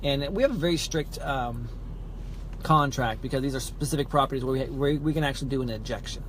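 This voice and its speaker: A man's voice: mid-range voice, a little fast, slight background noise. A young adult man hosting a podcast, telling a story in a casual way, acting out the dialogue with lots of fillers. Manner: animated, acts out quoted dialogue, many fillers. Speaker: podcast host.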